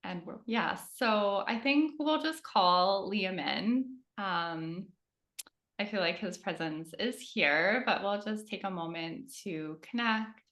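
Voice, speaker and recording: A woman speaking calmly and earnestly in a measured conversational way. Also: medium pitch. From Canada. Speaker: spiritual medium. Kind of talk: casual conversation.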